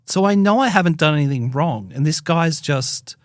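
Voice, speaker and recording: An Australian man, a podcast co-host, telling a story in casual chat with lots of swearing and animated outbursts. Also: a little high, normal speed, no echo, clean studio sound. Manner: animated, profane, heated retelling. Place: podcast studio.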